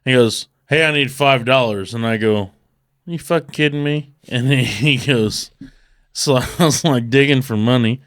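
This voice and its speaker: A man's voice: medium pitch, moderate pace, fairly bright tone. A man on a podcast telling a casual story, chuckling and swearing along the way.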